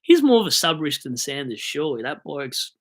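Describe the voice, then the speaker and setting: A man's voice: fairly high pitch, sing-song, brisk. A young Australian man rambling and joking on a casual live stream about fantasy football, buzzing on coffee. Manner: rambling, jokey, hyped on coffee.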